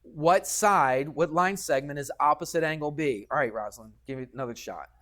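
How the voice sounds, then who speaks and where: This geometry lesson is led by a talkative, patient male teacher whose somewhat high voice has a slight brightness. Speaking a bit quickly in the classroom, he keeps ending points with "okay?" to make sure the class follows.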